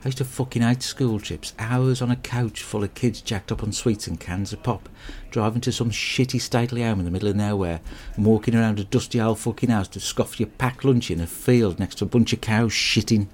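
Crude deadpan man. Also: lowish voice, brisk, hardly any pauses, breathy edge. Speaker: comic monologuist. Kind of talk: comic character monologue.

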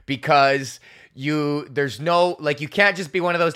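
A young male comic hosting his own podcast, his voice bright and forceful. He rambles and swears freely through a solo rant, laughing at his own jokes and slipping into mocking voices for the people he quotes. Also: fairly high pitch, unhurried, clear, resonant tone. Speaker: podcast host.

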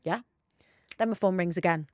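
A young woman from near Rochdale, co-hosting a casual chat and telling stories in an animated, excitable way. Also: on the low side, dry recording, studio quality. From northern England, near Rochdale. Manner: animated storyteller, quick and excitable. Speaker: podcast co-host.

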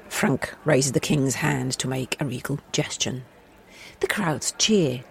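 A woman's voice: extremely low pitch, expressive, slow pace, vocal fry, breathy edge. Woman reading a story aloud, chatty co-host. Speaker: podcast co-host and story reader. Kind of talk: casual chat and story reading.

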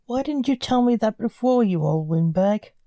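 A woman voicing a surly, sarcastic grown son who snaps back at his father, in a mellow voice. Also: fairly high pitch, lively intonation, moderate pace, no echo, voice pushed up.

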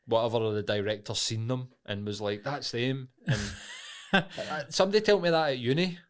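A young Glasgow man with a Scottish accent co-hosts a podcast, his voice medium-pitched and fast. In casual chat full of banter, he tells stories and swears freely.

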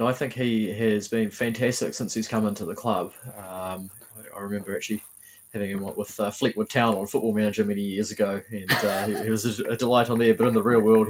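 A man's voice: lowish voice, steady tone, a little fast. A man co-hosting a casual football fan podcast, hesitant and repeating words as he thinks. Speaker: podcast co-host.

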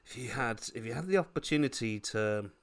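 A man's voice: medium pitch, expressive, brisk, clear, resonant tone. A man co-hosting a podcast in casual, jokey chat, laughing often. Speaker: podcast co-host.

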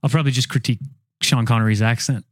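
A man co-hosting a comedy podcast, with a dry, deadpan delivery in improvised bits. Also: mid-range voice, racing, no echo. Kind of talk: improvised comedy sketch and chat.

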